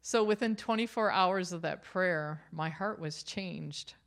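A woman's voice: fairly low pitch, a little slow, gravelly, fairly bright tone. A middle-aged woman sharing her faith testimony, earnest and personal. She tells it like a story and often laughs lightly between thoughts.

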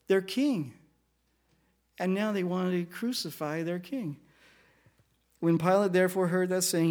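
A man with a high voice preaches through a passage verse by verse. He reads the lines aloud, then explains them and puts questions to his listeners. He acts out the speakers in the passage with changing pace and loudness. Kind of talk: sermon, verse-by-verse Bible teaching.

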